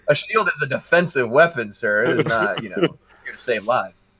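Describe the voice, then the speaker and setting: A man on a podcast casually telling a story, animated and laughing through his own anecdotes. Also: mid-range voice, moderate pace, creaky, crowd noise.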